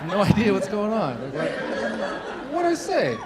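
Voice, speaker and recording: Stand-up man, high lively voice, crowd laughing. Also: moderate pace, very noisy. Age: 30s. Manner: conversational, self-deprecating, frequent fillers. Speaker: stand-up comedian. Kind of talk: stand-up comedy set. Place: large hall with a live audience. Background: audience laughter.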